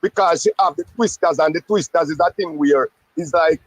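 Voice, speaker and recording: A man with a Jamaican accent hosting a casual sports live stream, talking in an insistent, animated way. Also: a little high, moderate pace, husky, no room sound. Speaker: sports show host. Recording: muffled dry lo-fi audio.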